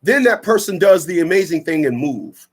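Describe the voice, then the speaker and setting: A man's voice: a little high, expressive, moderate pace, slightly rough. A man from Newark, hosting a radio talk show in a blunt, rambling, preachy monologue full of slang. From Newark, New Jersey.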